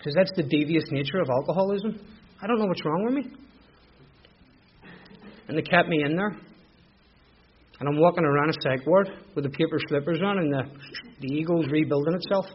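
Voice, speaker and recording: A man's voice: fairly high pitch, brisk, long pauses, slight background noise. Belfast man, candid testimony. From Northern Ireland. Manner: candid, emotional storytelling with repetitions. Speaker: speaker sharing his recovery story. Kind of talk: personal testimony. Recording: dull lo-fi recording.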